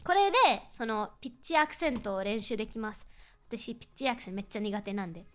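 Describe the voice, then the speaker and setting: A woman's voice: medium pitch, animated, very fast. A chatty young woman streaming a casual chat, laughing often and switching between English and Japanese.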